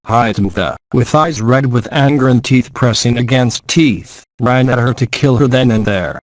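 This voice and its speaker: A man reads an ancient epic aloud in a measured, formal way. His voice sits at a middling male pitch. The recording is dry and close, with no room echo. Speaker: audiobook reader.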